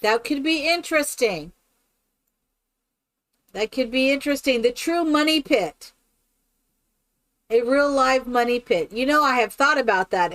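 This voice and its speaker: A woman streaming a game live, chatting casually with viewers in a rambling, exclamatory way. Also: a little high. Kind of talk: casual live-stream chat while playing.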